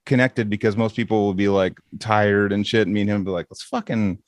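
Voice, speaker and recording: A young man with a Californian accent, co-hosting a metal podcast in casual chat, excitable, laughing often and swearing a lot. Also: on the low side, brisk, dry recording, studio quality. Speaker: podcast co-host.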